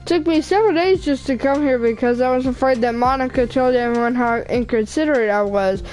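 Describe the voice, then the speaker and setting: A woman reading a visual novel aloud, voicing a shy, bookish teenage girl who talks haltingly and apologetically. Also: high-pitched, darkish tone, lightly acted, poor audio. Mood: nervous. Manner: halting, apologetic, stumbles over words.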